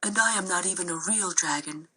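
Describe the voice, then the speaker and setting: A woman voicing a gentle, lonely young male dragon who speaks softly and earnestly in a storybook reading. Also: medium pitch, expressive, a little fast, slightly rough. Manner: soft, earnest.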